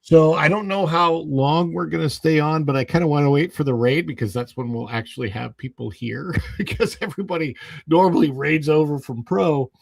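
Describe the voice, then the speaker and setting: A man's voice: a little high, fairly quick, gravelly. A man hosting a casual livestream podcast, rambling and full of fillers and restarts, often laughing at his own stories.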